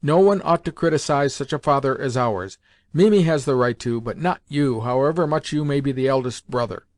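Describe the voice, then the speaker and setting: A man's voice: mid-range voice, brisk, dry recording, clean studio sound, close to an everyday voice. A man voicing a young woman, an earnest younger sister, speaking in a raised, insistent, reproachful way. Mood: indignant.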